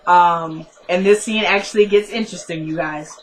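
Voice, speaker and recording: A young woman casually recapping a TV episode, retelling the scenes in quick quoted dialogue. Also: lowish voice, rough recording.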